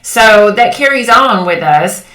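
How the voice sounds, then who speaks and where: A woman gives a motivational talk to women in a bright, forceful voice. She talks directly and keeps checking that her listeners are with her. Her voice rings around a room with a lot of echo. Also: mid-range voice, animated, slow. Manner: direct and coaxing, checks in with "okay?" and "right?". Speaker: women's empowerment coach. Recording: echoey room.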